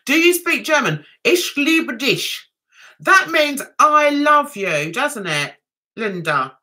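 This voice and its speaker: Giggly, lively high-voiced woman. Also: takes it slowly. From England. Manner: giggly, chatty, reads viewer comments aloud and answers them. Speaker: livestream host. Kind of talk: casual livestream chat.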